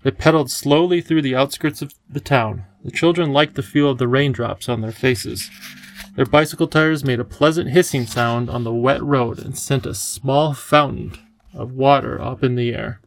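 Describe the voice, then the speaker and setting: A man narrating an audiobook in a steady, measured way. His voice has a gravelly rasp at mid pitch and is recorded close and dry, with no room sound. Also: dry recording, rough recording. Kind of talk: scripted narration.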